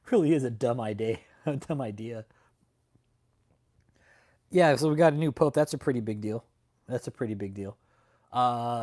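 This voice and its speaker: Male livestreamer, mid-pitched, swears constantly, mocks his targets, laughs between lines, greets chat by name. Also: a little mellow. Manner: profane, mocking, laughs often. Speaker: livestream host. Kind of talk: casual livestream commentary.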